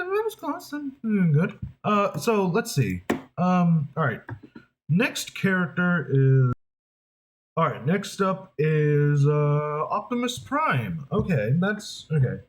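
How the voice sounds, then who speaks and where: A voice actor talks casually to the camera, thinking aloud and often restarting sentences. Their pitch rises and falls a lot, which keeps the delivery animated. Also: low-quality recording. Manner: rambling, hesitant, with many restarts.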